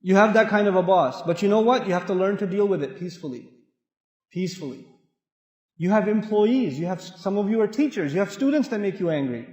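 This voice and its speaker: Man, sermon, animated storytelling, loud-to-hushed swings, long hall reverb. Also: high-pitched, fast, few pauses. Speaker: Islamic speaker.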